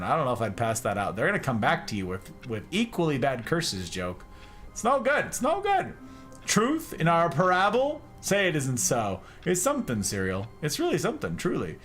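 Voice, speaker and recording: A man's voice: a little high, a bit bright. Playful streamer man reading chat. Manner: playful, teasing banter with drawn-out repetitions. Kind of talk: casual live-stream commentary reading chat.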